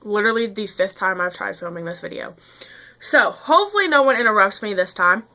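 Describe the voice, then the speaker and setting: Bright chatty teen girl vlogger. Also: medium pitch, lively intonation, fairly quick. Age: teens. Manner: chatty, rambling, many fillers. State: out of breath. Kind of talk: casual chat to camera.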